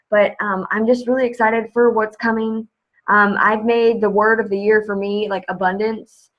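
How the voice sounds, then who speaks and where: A woman's voice: mid-range voice, fairly bright tone, poor audio. A young woman leading her team on a video call, upbeat and chatty, full of "like" and "you know". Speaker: team leader. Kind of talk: motivational video call talk.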